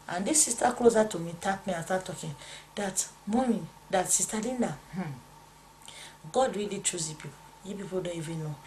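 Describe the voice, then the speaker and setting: A woman's voice: mid-range voice, lively intonation, fairly quick, a bit bright, slight background noise. A woman preaching a testimony, fervently acting out voices of God and the devil as she recounts a vision. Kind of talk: testimony sermon.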